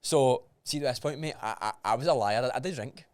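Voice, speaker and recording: A young man with a Scottish accent, hosting a podcast and telling stories in an animated, sweary way. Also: medium pitch, fairly quick, no echo. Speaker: podcast host. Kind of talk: casual chat.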